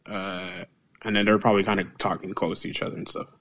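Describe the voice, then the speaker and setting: A young man co-hosting a podcast in casual chat, relaxed and agreeable, hedging his views. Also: low-pitched, fast, dry recording. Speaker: podcast co-host.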